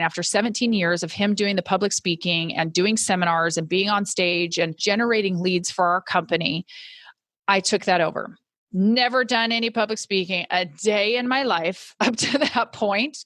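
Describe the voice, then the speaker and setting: A middle-aged woman hosting a podcast, telling her own story in an earnest, reflective way and slowing down on key words. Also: mid-range voice, a bit bright, no room sound. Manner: earnest and reflective, slows down for emphasis. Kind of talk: personal storytelling monologue.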